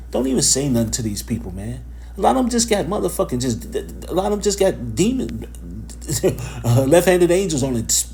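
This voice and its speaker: A man's voice: on the high side, darkish tone, slight background noise. Casual, profane man teaching. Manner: informal, profane, conversational, with many fillers and repeated phrases. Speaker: religious teacher giving a lesson. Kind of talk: casual spoken lesson.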